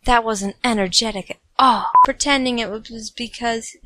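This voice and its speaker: A woman's voice: fairly high pitch, moderate pace, few pauses, bright, forceful tone, no room sound. A woman reading her own fan fiction and joking through her bloopers, giggly and self-mocking, with frequent swearing. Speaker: fan fiction author and reader. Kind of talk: casual blooper reel of a story reading.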